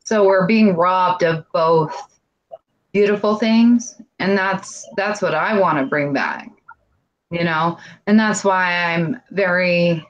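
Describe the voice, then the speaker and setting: A woman's voice: lowish voice, animated, slow, muffled recording, a little hiss or hum. A woman guest in a casual live-stream chat, talking in a rambling, earnest way, heavy on "like".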